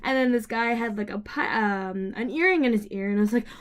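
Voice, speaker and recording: A woman's voice: on the high side, brisk. A young woman casually telling her own story to the camera, rambling with many fillers, restarts and laughs. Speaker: vlogger.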